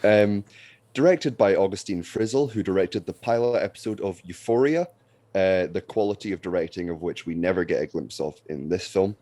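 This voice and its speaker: A man co-hosting a podcast, reviewing a film in a dry, sarcastic, deadpan way. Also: sits low, moderate pace, no room sound. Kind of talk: casual film review chat.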